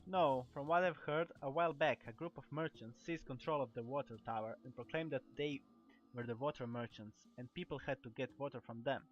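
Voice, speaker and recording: A man's voice: mid-range voice, fairly quick, close to an everyday voice. A man with a Croatian accent voicing a gossipy, chatty female weapon shopkeeper in a game, reading her lines with stumbles and restarts. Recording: dull lo-fi recording.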